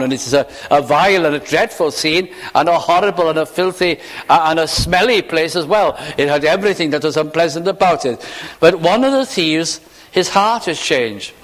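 A man preaches a sermon in a church, his slightly high voice carrying a long reverb. He speaks slowly and with emphasis. He often lets his phrases sink into a hush. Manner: slow, emphatic preaching with hushed, falling phrases.

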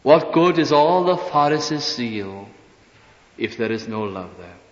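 A man's voice: medium pitch, expressive, measured pace. Male preacher, earnest sermon voice with rhetorical questions, dull lo-fi sound, long hall reverb. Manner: earnest, rhetorical questions, drops to soft asides. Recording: dull echoey hall recording.

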